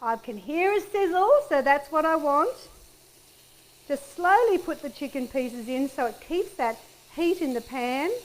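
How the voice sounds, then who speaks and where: A woman's voice: sits high, lively intonation, measured pace. A middle-aged woman hosting a cooking show, chatting upbeat to viewers as she chops and fries in her kitchen. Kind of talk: casual cooking demonstration. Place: home kitchen. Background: pan sizzling and kitchen clicks.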